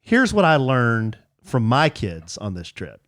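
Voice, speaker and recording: A man's voice: medium pitch, wildly swooping pitch, slow pace, fairly bright tone, no echo, clean studio sound. A middle-aged man co-hosting a podcast, telling rambling, self-mocking stories about a family trip. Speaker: podcast co-host. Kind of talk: casual storytelling chat.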